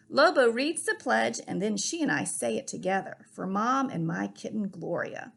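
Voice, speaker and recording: A woman reading a children's picture book aloud in an expressive read-aloud manner. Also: mid-range voice, normal speed, gravelly. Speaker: reader. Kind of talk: storybook reading.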